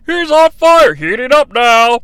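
A man voicing an excitable older male wrestling commentator, yelling loud play-by-play. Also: very high voice, a little slow, smooth, no echo, exaggerated voice.

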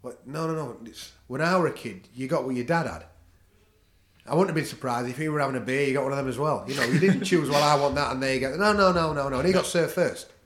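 A man's voice: mid-range voice, fast, a bit bright. A middle-aged man with a Northern English accent, a podcast guest talking bluntly and swearing freely in casual chat. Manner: blunt, swears freely, laughs at own stories. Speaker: podcast guest, jiu-jitsu practitioner. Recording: echoey room.

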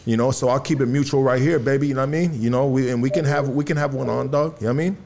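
Fast-talking laid-back male podcast host. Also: mid-range voice, fairly even intonation, gravelly, darkish tone, slight background noise. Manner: laid-back street slang, repeats "you know what I mean". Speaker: podcast host taking calls. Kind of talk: casual call-in chat.

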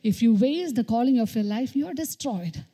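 Woman preacher, repeats herself, lots of hallelujahs, warm tone. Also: a little high, animated, normal speed, breathy edge. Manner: repetitive exhortation, frequent hallelujahs. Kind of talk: sermon.

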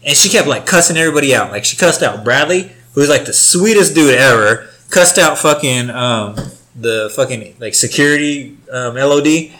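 A man's voice: mid-range voice, lively intonation, moderate pace, bright, forceful tone. A young man telling a rambling, profane story in casual chat, full of filler words.

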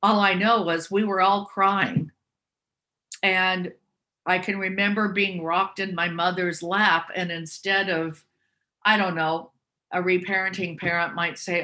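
A woman tells personal stories. Her voice is bright and forward. She speaks openly and reflects on herself as she talks. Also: mid-range voice, unhurried. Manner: candid, self-reflective. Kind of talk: personal storytelling.

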